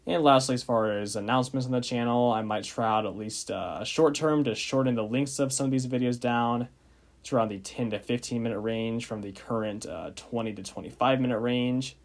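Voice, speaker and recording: Young guy reading his racing recap, laid back, lots of uhs, middle-pitched voice. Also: fairly even intonation, a little fast. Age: young adult. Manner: casual, with frequent "uh" fillers. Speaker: YouTube racing channel host. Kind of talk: scripted narration.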